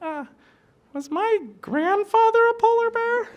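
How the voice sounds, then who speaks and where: A man voicing a small baby polar bear cub in a squeaky, pleading voice while telling a joke. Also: animated, unhurried, dull audio.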